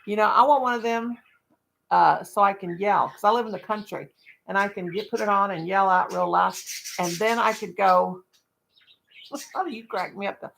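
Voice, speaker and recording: A woman's voice: mid-range voice, normal speed, vocal fry, a bit bright, slight background noise. A woman hosting a casual live stream from her home in the country, rambling and joking in a folksy way.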